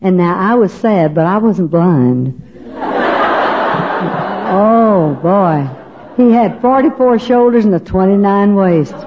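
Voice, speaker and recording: An older woman from Texas recounts her personal faith testimony slowly, with long pauses and lively intonation in a mid-range voice. She is folksy, humorous, chatty and emotional, acting out others' words, while the dull audio picks up crowd and background noise.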